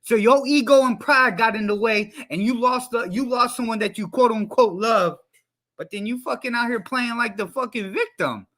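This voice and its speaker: A man's voice: extremely high pitch, moderate pace, sharp tone. Fired-up profane man ranting on a headset. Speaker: livestream commentator. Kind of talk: heated casual commentary.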